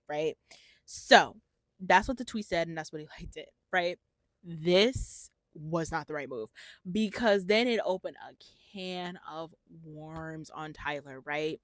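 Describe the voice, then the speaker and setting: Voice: mid-range voice, lively intonation, measured pace, no echo. A host giving casual solo commentary on internet news, talking conversationally with many fillers, hedges and tag questions. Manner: hedges with "I believe" and "like".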